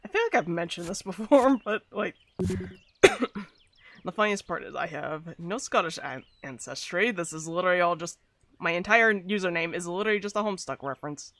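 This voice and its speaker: Chatty streamer, swooping animated delivery, mid-pitched, laughs a lot, gaming chat at a desk mic. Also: moderate pace. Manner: chatty and rambling, laughs often. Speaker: VTuber streamer.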